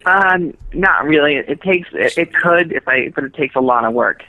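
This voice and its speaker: Woman comedian guest, deadpan, bright and edgy tone. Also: low voice, moderate pace, no echo, rough recording. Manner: dry, deadpan quips. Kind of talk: casual chat.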